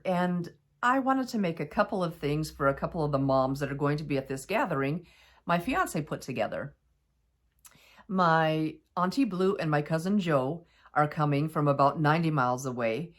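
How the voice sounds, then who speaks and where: Chatty woman hosting a quilting tutorial. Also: sits low. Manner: chatty, upbeat, explains step by step. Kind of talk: casual craft tutorial.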